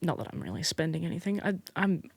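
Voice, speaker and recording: Chatty young Australian woman, lively pitch. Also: fast talker, creaky, slightly rough, no room sound. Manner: chatty, animated storyteller with frequent fillers and restarts. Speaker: podcast guest. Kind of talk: casual chat.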